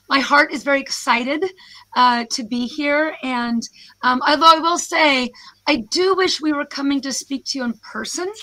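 A hoarse American woman, a professor, giving a snarky, self-deprecating presentation over a video call. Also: high-pitched, bright, forceful tone. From United States. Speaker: guest speaker, professor.

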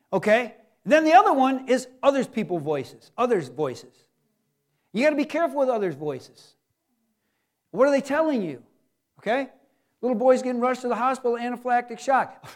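High-voiced man preaching animatedly. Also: lively intonation, normal speed, pauses often, a little mellow. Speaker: pastor. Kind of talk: sermon.

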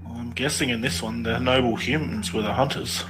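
A man's voice: mid-range voice, steady tone, a little fast, rough recording. A man playing a tabletop game over a voice call, talking hesitantly with ums. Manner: hesitant, with frequent ums and uhs. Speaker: player. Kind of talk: casual tabletop game chat. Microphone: headphones on a voice call.

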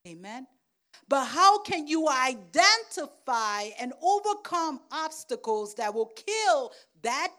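A woman pastor preaching a sermon, checking in with "Amen?" and "right?", and swinging from soft asides to loud calls. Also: high voice. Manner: slow, deliberate delivery.

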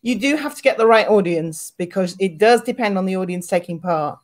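A woman's voice: medium pitch, lively intonation, fairly quick. A woman co-hosting a casual group chat, telling a story with enthusiasm. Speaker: podcast co-host.

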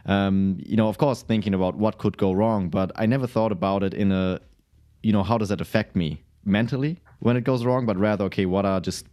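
A man hosts a podcast interview. He talks haltingly, circling back over his words. His voice is very deep and warm. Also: fairly even intonation. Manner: halting, many restarts and fillers. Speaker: podcast host. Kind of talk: interview questions and reflections.

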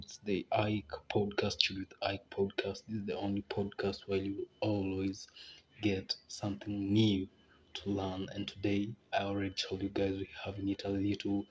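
Young guy hosting his podcast, low-ish voice, rambly and chill, faint hiss behind. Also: little pitch movement, normal speed, darkish tone, lo-fi sound. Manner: laid-back, rambling, laughs between phrases. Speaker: podcast host. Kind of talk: casual podcast chat.

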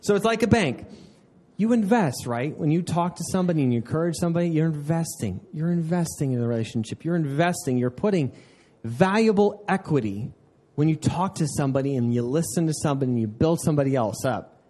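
A young adult man preaching a sermon in an earnest, conversational way, often saying "man" and dropping in quick asides. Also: a little high, expressive, warm tone. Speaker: pastor.

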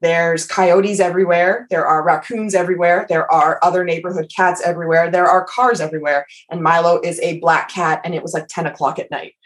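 A woman's voice: lowish voice, steady tone, fairly quick, hardly any pauses. A woman telling a story in casual podcast chat. She swears freely, mocks herself and laughs through it.

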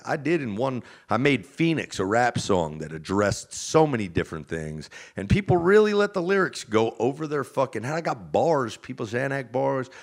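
A man chatting as a guest on a podcast, at an ordinary middle pitch. He talks brashly and swears freely. His voice jumps from loud, fired-up bursts down to low, muttered asides. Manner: emphatic and profane, swinging from loud outbursts to low mutters. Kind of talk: casual podcast chat.

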